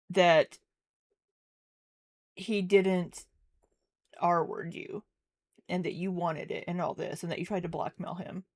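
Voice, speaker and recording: A woman hosting a reaction commentary, speaking slowly and gently and reassuring a viewer. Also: lowish voice. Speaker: commentary channel host.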